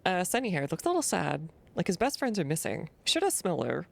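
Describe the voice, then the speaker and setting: Woman doing let's play commentary, low gravelly voice, lots of pitch swing, dry jokes. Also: big pitch swings, fast, few pauses. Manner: wry, thinking aloud, reads in-game text. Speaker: streamer.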